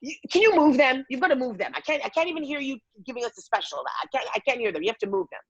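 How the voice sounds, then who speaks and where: A woman voicing a haughty, demanding older woman diner who insists and complains quickly. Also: medium pitch, big pitch swings, fairly bright tone, breathy edge, dry recording, lo-fi sound. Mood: indignant. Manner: imperious, insistent, rapid complaints.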